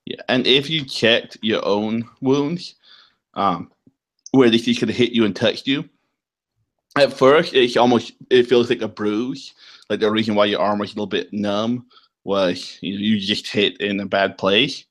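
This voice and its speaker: A man runs a tabletop game, describing the world to his players at a slow, deliberate pace. His voice sits on the lower side, and he fills gaps with plenty of ums and uhs as he thinks aloud. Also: steady tone. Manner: unhurried, filler-heavy explaining. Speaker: game master.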